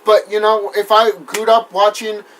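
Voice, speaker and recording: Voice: mid-range voice, flat delivery, measured pace, fairly bright tone, a little hiss or hum. Casting note: heated, cursing vlog ranter, rambling, apologetic after outbursts. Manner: profane, heated, rambling with restarts. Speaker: wrestling vlogger. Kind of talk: casual vlog rant.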